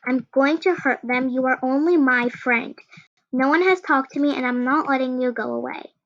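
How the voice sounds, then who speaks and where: A teenage girl quoting an obsessive, possessive shy girl in a flat, insistent voice. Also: sits high, moderate pace, highs cut off.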